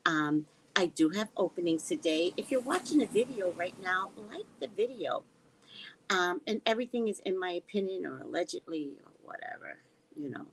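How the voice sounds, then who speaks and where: Low-voiced, animated woman livestream host. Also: vocal fry, husky, poor audio. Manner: rambling, chatty, reads out viewer comments. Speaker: psychic reader and livestream host. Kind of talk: casual livestream chat.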